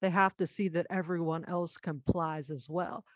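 A woman's voice: on the low side, steady tone, moderate pace, no echo. A woman in a casual panel discussion, making pointed, argumentative remarks.

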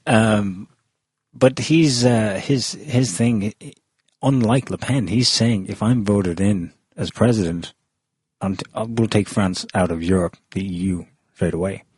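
A man with a low, husky voice hosts a relaxed panel talk. He rambles with ums and restarts. The sound is dry and close. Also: a little slow, no room sound. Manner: chatty, many ums and restarts. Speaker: podcast host. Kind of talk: casual panel discussion.

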